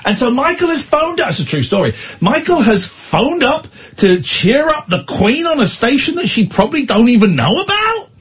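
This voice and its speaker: A sardonic man hosting a late-night phone-in from a studio microphone. His voice is husky and a little high, with pitch that swoops around. The broadcast sound is dull and lo-fi. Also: very animated, moderate pace, few pauses, fairly bright tone. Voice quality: sardonic, teasing. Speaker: radio phone-in host.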